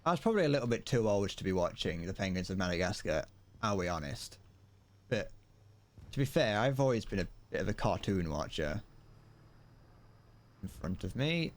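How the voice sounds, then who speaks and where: A man's voice: fairly low pitch, very animated, moderate pace, pauses often. A British man in his twenties, chatting and joking through a live gaming stream in a rambling, playful way. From Britain. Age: 20s. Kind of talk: casual gaming commentary. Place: home room.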